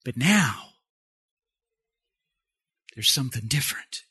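A man's voice: medium pitch, big pitch swings, slow, sharp tone, slightly rough, no room sound. A man preaching a sermon as pastor, emphatic and repetitive, putting questions to the congregation.

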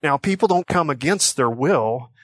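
Guy preaching a sermon, earnest, slows way down on the big lines, dry close recording. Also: fairly high pitch, lively intonation, husky, no echo. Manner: earnest, slows for emphasis on quoted scripture. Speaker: pastor.

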